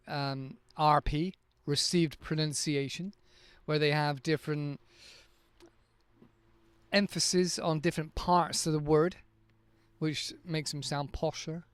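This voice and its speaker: A man talks in a smooth, resonant voice pitched a little high for a man. He explains pronunciation patiently, sounding words out one at a time. The sound is dry and close, from a handheld microphone. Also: dry recording. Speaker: English teacher and podcast host. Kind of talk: casual podcast monologue.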